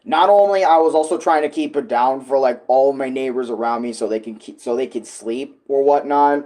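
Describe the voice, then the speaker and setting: A man's voice: a little high, normal speed, darkish tone. A man talking casually about making his song, rambling with lots of fillers and swearing. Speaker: music creator vlogging.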